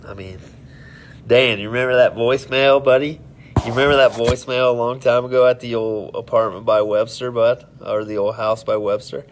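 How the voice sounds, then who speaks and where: Rambling live-stream host, male, lowish voice, faint hiss under it. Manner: rambling, friendly, tipsy storytelling. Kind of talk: casual live-stream chat with viewers.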